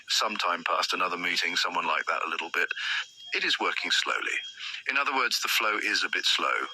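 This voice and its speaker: A man's voice: sits low, sharp tone, slight background noise, poor audio. A man giving a motivational storytelling talk as a trainer, acting out the dialogue he quotes. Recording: music playing behind voice.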